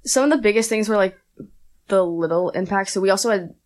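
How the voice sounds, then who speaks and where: A young woman chatting casually, telling an animated story full of "like" and acted-out quotes. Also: medium pitch. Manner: rapid, animated, heavy use of "like". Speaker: aspiring pro wrestler, guest.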